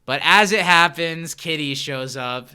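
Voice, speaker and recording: A man co-hosting a podcast, chatting casually through a sitcom episode and acting out scenes in animated bursts. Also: on the high side, unhurried. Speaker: podcast co-host.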